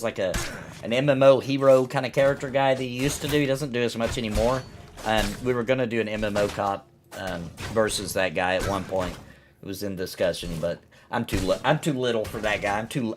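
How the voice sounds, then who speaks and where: A man's voice: medium pitch, a little hiss or hum. A man chatting casually on a live game stream, rambling and ranting as he reacts to his chat.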